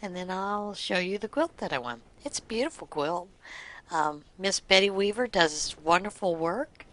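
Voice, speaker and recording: A woman's voice: lowish voice, expressive, moderate pace, a bit bright. A middle-aged woman hosting a craft vlog, telling good-humored stories in a chatty way and laughing often. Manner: teasing, good-humored anecdotes. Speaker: knitting podcast host. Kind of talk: casual storytelling vlog.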